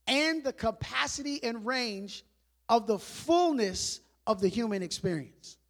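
A man preaching a sermon in a conversational style, asking rhetorical questions and dropping to quiet emphasis on key words. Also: extremely high pitch. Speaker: pastor.

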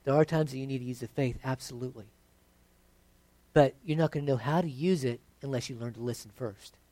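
A pastor preaching a conversational sermon that builds to emphatic points. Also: male voice, medium pitch, fairly quick, warm tone, no room sound.

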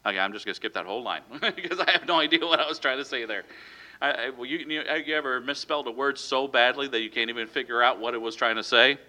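A man delivers a sermon with a very bright, ringing tone. He speaks in a loose, conversational way, breaking off with fillers and restarting his sentences. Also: mid-range voice, quick pace. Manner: conversational, many fillers and self-corrections. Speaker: pastor.

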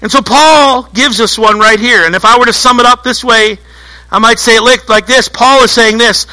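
A man preaching a sermon to a church congregation, telling stories in an animated way and acting out little voices. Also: very high voice, moderate pace, low-quality recording. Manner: animated storytelling, acts out voices. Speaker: pastor.

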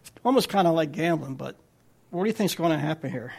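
A man's voice: on the high side, expressive, fast talker, gravelly, a little mellow, husky. A man preaching a sermon as a guest speaker, talking in a conversational way with frequent restarts.

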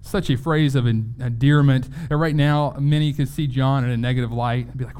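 A man preaching a sermon in an earnest, conversational way, often restarting his words and slowing down to read scripture aloud. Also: medium pitch, fairly even intonation, a little mellow, clear, resonant tone. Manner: reads scripture aloud slowly. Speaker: pastor.

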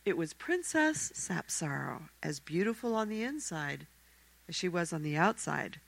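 A woman telling a fairy tale aloud in a church service, expressive and acting out the characters. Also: on the low side, a little slow, creaky, no echo, rough recording. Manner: expressive, acts out the characters' voices. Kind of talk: animated fairy-tale storytelling.

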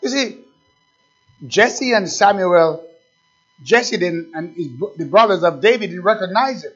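A male pastor with a high, husky, slightly bright voice preaches a sermon at a somewhat slow pace, his intonation lively. He presses his listeners with rhetorical questions and grows more fervent, all in a dull, lo-fi recording.

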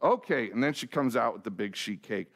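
A man's voice: mid-range voice, lively intonation, a little fast, fairly bright tone. Storytelling middle-aged male pastor. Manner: self-deprecating storyteller, acts out dialogue; asks the congregation direct questions. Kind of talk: sermon with a humorous personal story.

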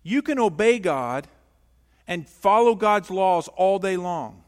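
Guy preaching, high lively voice swinging all over, big echoey church hall. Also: slow pace. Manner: animated, emphatic, rhetorical questions to the congregation. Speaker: pastor. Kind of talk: sermon.

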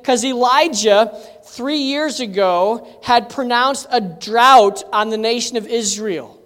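A middle-aged pastor delivers a sermon in a church, mixing a childhood story with scripture. The talk is chatty and unhurried, full of "you know" and restarts, with asides to the listeners. The voice sits at a middle pitch, and a long hall reverb trails each phrase. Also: a bit bright.

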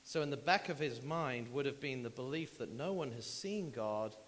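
A man preaching in a church sanctuary, talking to the congregation in a conversational, animated way and repeating phrases for emphasis. His voice sits at a middle pitch. A long hall reverb trails his words, and a faint hiss runs under the recording. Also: normal speed. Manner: conversational, animated, with asides and repetitions. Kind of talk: sermon.

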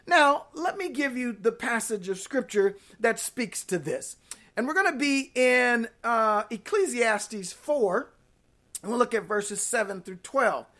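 A woman's voice: a little high, fairly bright tone. Emphatic woman pastor preaching online. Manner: emphatic, repeats key points, folksy and conversational. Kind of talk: online sermon.

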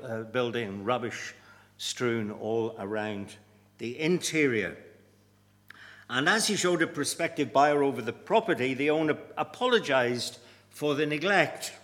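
A man preaching a sermon, deliberate and emphatic, with measured pauses. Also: medium pitch, fairly bright tone. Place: church. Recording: long reverb of a church hall.

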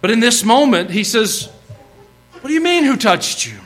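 A man with a lilt delivers a sermon in a folksy, lively way. His voice sits a little high for a man, and he slips into playful acted-out asides as he preaches. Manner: folksy, animated, acts out bits of the story.

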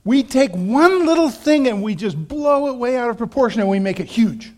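A man preaching a sermon, telling a story with animated shifts and acting out quoted voices, laughing now and then. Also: very high-pitched, moderate pace. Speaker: pastor.

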